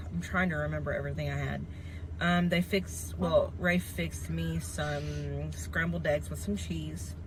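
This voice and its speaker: A woman vlogging casually from a car, rambling with frequent hesitations. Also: sits low. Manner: rambling, hesitant with many ums. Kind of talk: casual vlog chat. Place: inside a car at a drive-through. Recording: vlog clip with loud car noise.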